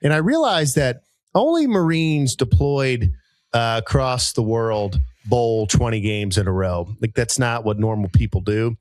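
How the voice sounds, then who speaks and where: A man in his thirties, a podcast co-host telling a rambling, animated story with many fillers and jumps into high voices for people he quotes. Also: a little slow, no echo. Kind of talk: casual storytelling chat.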